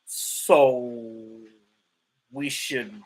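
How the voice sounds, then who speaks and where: A man hosting a livestream, talking football in a casual, profane and animated way, often stammering and restarting his sentences. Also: medium pitch, very slow, low-quality recording. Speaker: livestream host. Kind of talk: casual sports talk.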